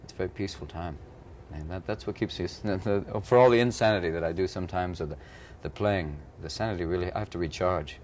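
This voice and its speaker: With a low-pitched voice and few pauses, this thirty-something American actor talks fast in a rambling, jokey junket interview, often putting on comic voices. A little hiss or hum sits under the recording.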